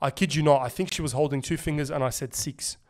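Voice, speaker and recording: Speaking fast in a fairly high pitch, a young male podcast co-host tells lively stories in a casual chat, cursing a lot along the way.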